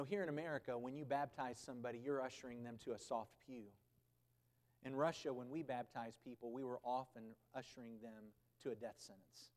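A man preaching a sermon as pastor, who swings between loud, emphatic proclamation and quiet, conversational asides. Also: medium pitch. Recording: long reverb of a church hall.

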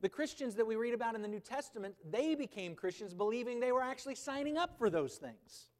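A man preaching a sermon as pastor, who swings between loud, emphatic proclamation and quiet, conversational asides. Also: very high voice, animated, fast talker. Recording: long reverb of a church hall.

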